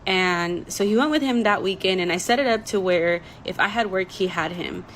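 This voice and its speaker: A woman's voice: on the low side, normal speed, fairly bright tone, a little hiss or hum, rough recording. A young woman telling a personal story in a casual vlog, emotional and rambling, with many "like" fillers. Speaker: storytime vlogger.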